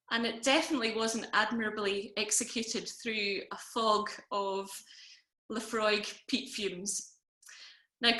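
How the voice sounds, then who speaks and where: A woman's voice: a little high, sharp tone, reverberant. A woman telling a personal comic story over a video call, in a wry, self-deprecating way. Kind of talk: personal story told to an online audience.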